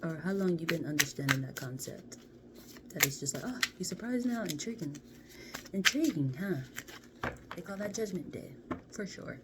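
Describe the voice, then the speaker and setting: A woman doing a casual card reading to camera, chatty and playful, often dropping into soft half-whispers. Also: low voice, moderate pace, long pauses. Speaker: card reader. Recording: steady background noise.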